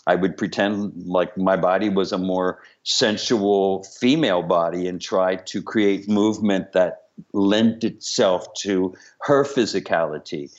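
Man, low voice, dull lo-fi call audio, candid, humorous interview guest. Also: a little slow, hardly any pauses. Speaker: director and choreographer guest. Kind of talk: remote interview, candid storytelling. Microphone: video call.

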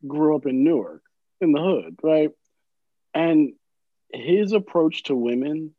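A man's voice: fairly high pitch, no echo, narrow, tinny audio. A man in casual podcast conversation, rambling and searching for words, swearing at times. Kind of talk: casual chat.

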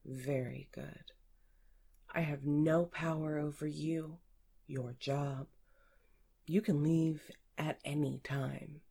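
A woman's voice: deep voice, fairly even intonation, slow, vocal fry, long pauses, husky, exaggerated voice. A woman reading a sly, commanding female boss. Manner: commanding, sly, often hushed. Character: stern, teasing female office supervisor. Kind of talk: erotic audiobook reading.

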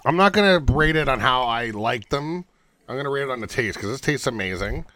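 Male podcast host, easygoing, salty language, mid-pitched. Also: brisk, no echo. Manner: relaxed, swears casually. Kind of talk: casual chat.

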